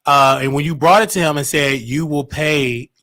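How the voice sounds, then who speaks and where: A man's voice: a little high, moderate pace, sharp tone, no echo. A man hosting a livestream interview, casual, asking questions and giving short affirmations. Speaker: host.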